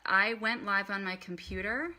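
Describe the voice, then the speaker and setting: A woman's voice: medium pitch, fairly even intonation, moderate pace, bright, forceful tone. A woman teaching meditation in a chatty live stream, guiding the listener through breathing and chanting. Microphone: phone.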